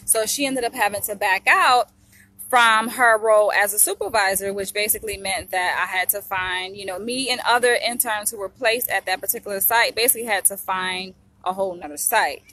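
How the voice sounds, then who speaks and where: Bright-voiced young woman vlogging. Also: medium pitch, a little fast, no echo. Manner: emotional, chatty, addresses viewers directly. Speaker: vlogger, psychology trainee. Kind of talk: casual chat to camera.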